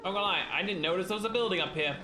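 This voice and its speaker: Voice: medium pitch, rapid-fire. A game streamer reacts to the story in a dry, sarcastic voice, now and then swearing. The voice sits in the middle of the range and sounds roomy, with game music playing behind it. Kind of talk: casual commentary over gameplay.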